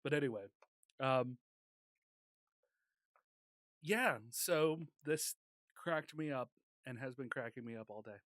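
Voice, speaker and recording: A man's voice: medium pitch, slow pace, long pauses, fairly bright tone, no echo. A man co-hosting a casual podcast chat, joking and laughing often. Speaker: podcast co-host.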